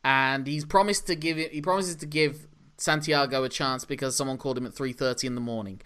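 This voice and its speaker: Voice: medium pitch, steady tone, brisk, a bit bright, clear, resonant tone. A podcast co-host, recapping a film in casual, sarcastic chat and laughing often. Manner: sarcastic, laughs often, swears in mock frustration.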